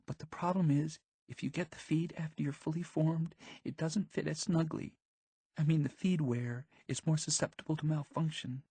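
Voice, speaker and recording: A man voicing an anxious, sharp-tongued teenage girl in an audiobook, talking fast and pleading. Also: a little high, fairly even intonation, slightly rough, no room sound, pitched above the performer's own voice. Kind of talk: audiobook character voice.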